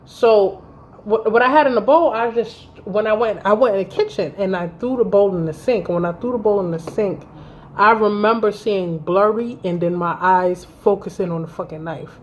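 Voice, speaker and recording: A woman's voice: mid-range voice, moderate pace, a little hiss or hum. A woman in her thirties telling a heated personal story in a vlog, blunt and swearing freely. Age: 30s. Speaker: vlogger.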